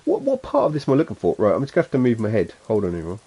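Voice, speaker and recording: A man's voice: mid-range voice, huge pitch swings, rapid-fire, warm tone, breathy edge. A man with a Suffolk accent chatting casually and rambling as he streams a game, chuckling to himself. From England. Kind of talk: casual gameplay chat.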